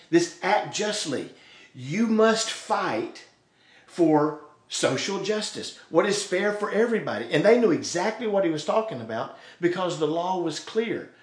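A male pastor preaching a sermon, acting out quoted voices along the way. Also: high-pitched. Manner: preaching, voices God and the sarcastic people in quoted asides. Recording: roomy echo.

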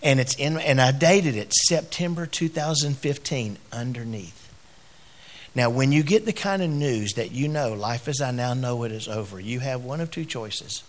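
With lively intonation, a middle-aged man preaches as a pastor. He recounts something personal in quiet, stop-start phrasing, then gets louder and higher-pitched as he exhorts.

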